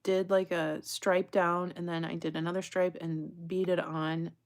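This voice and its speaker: Speaking at a measured pace in a lowish, level voice, this woman runs a livestream where she makes jewelry. Her talk is relaxed and chatty, full of laughter and viewer comments read out loud, and she slips into a whisper while working.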